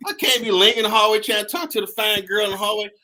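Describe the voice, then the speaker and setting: High-voiced man telling stories. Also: rapid-fire. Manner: animated, laughing storyteller, slangy. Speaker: host. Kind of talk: casual storytelling chat.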